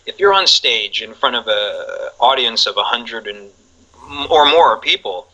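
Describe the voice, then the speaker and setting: A man's voice: medium pitch, expressive, a little slow, pushed and bright, low-quality recording. A man in his forties, a guest on a casual chat show, rambling and laughing often between many fillers. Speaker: podcast guest.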